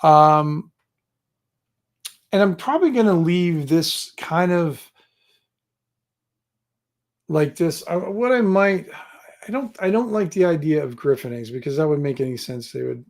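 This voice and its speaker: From a home room lined with gear and books, a man live-streams a casual chat about writing a tabletop adventure. His fairly high, gravelly voice moves unhurriedly with frequent pauses as he rambles, thinks out loud, and teases his viewers.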